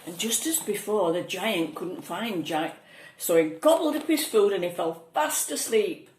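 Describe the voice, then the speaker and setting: A woman reading a picture book aloud to a child, gently pointing out the pictures as she goes. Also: medium pitch, expressive, measured pace. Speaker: storyteller. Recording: echoey room, faint noise.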